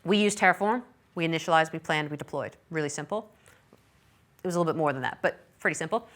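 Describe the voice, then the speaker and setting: A lower-voiced middle-aged woman presents a technical session at a conference. Her delivery is chatty and informal. She drops in self-deprecating, apologetic asides as she goes. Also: quick pace, a bit bright. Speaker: conference speaker.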